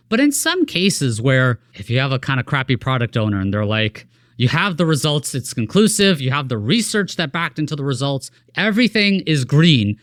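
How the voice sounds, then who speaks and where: A man's voice: fairly high pitch, no room sound, studio quality. A man co-hosting a podcast, talking casually and with energy, swearing now and then and acting out quoted coworkers. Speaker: podcast co-host. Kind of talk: casual conversation.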